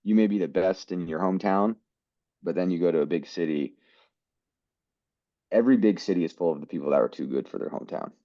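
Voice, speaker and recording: Man, very low voice, american, earnest storyteller, muffled lo-fi sound. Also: quick pace, long pauses, dry recording. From United States. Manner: earnest, quotes people in his stories. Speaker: guest actor. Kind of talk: storytelling interview.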